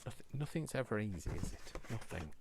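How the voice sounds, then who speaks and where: A man's voice: fairly low pitch, sing-song, fairly quick, heavy background noise. A man hosting a casual crafting tutorial at home, rambling and self-mocking as he works. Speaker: crafting video host. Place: room at home.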